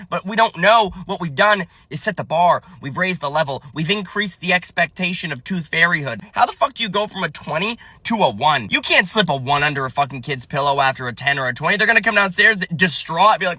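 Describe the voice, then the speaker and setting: A man's voice: a little high, animated, a little fast, hardly any pauses, bright, forceful tone, breathy edge, no echo. A man in his thirties telling profane comic stories about his kids, ranting and acting out their voices. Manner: ranting, swears heavily, acts out his kids' voices. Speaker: comedian and parent. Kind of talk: profane comedic storytelling.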